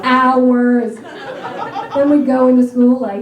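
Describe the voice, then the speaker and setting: High-voiced woman doing stand-up in a roomy club. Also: moderate pace, a little mellow. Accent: American. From Northern Ireland. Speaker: stand-up comedian. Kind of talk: stand-up comedy set. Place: comedy theater stage before a laughing audience. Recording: roomy club sound from a distance, audience laughter.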